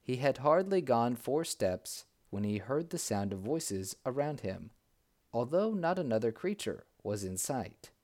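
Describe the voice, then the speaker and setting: A man narrating a fairy tale in a slow, deliberate reading style. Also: mid-range voice, sing-song, darkish tone. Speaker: storyteller. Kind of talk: storybook narration.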